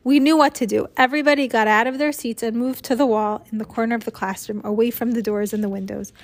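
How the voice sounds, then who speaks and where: A woman reading a children's book aloud to a child, with expressive storytelling and chat in between. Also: a little high, fast talker. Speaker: reader.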